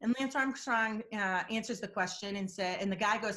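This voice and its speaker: A woman talks as a guest expert in an interview, lively and animated. She swings her pitch up and down as she acts out the voices she quotes. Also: normal speed, hardly any pauses. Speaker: guest expert on lie detection.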